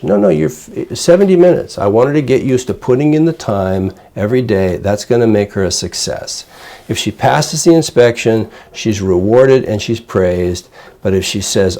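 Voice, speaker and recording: An older man, a child psychiatrist, calmly explaining parenting techniques to a parent in plain, conversational teaching. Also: on the low side, normal speed. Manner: calm, explanatory, plain-spoken. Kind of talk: conversational teaching with role-play examples.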